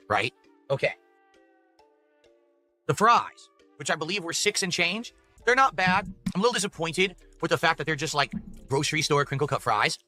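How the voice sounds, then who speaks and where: A man talks through a fast-food meal in a measured, matter-of-fact review. His voice is very bright and a little high, and his pace is steady. Faint music plays behind him.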